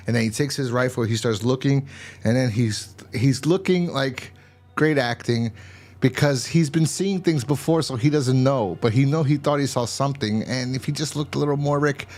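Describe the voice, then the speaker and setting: A man's voice: mid-range voice, moderate pace, a little mellow, faint music behind. A man hosting a casual TV episode review, recapping the plot in a rambling way and often restarting his sentences. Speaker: show host reviewing TV episodes.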